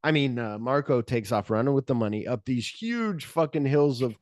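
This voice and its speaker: A man's voice: mid-range voice, animated, moderate pace, a little mellow, dry recording, clean studio sound. A man co-hosting a podcast, retelling a film's plot in casual chat and acting out the characters' lines, swearing freely. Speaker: podcast co-host.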